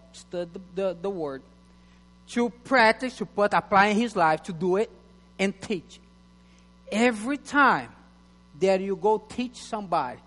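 High-voiced preacher, non-native English. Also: male voice. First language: not English. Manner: halting, many restarts and fillers; reads scripture slowly and loudly. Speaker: pastor. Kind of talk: sermon. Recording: long hall reverb with mains hum.

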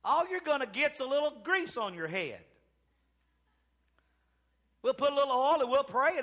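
A man preaching a sermon as pastor, calling out amens, dropping low and quiet then rising loud. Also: big pitch swings, normal speed, long pauses. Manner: preaching with call-and-response amens, swinging from soft to loud.

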